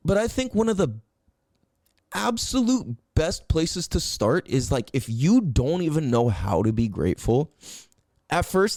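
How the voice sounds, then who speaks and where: Male podcast host, young adult, high and lively voice; casual profane sermonizing, close dry mic. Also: dry recording. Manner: profane, animated and preachy, swings between loud highs and low drawn-out words. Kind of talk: casual monologue.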